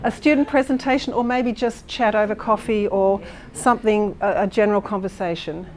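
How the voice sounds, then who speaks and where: A woman's voice: medium pitch, steady tone, brisk. A woman leading a workshop for teachers, explaining and demonstrating a lesson with frequent fillers and restarts while checking in with the room. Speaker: teacher trainer presenting a workshop.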